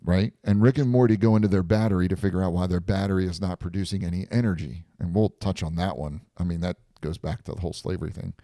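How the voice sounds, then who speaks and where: A man's voice: low voice, fairly even intonation, fast, few pauses, dark tone, no echo, studio quality. A man hosting a live stream chat, animatedly retelling a story and laughing often.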